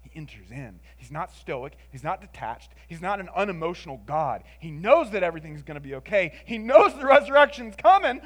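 A man preaching a sermon in an expressive, conversational way, moving between emphatic lines and hushed ones and often adding "like" and "right?". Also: sits high, brisk, hardly any pauses.

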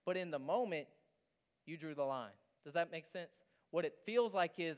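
Male pastor, conversational and animated sermon delivery; smooth, resonant voice that sits a bit high. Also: moderate pace. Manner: conversational, animated preaching with frequent "does that make sense?".

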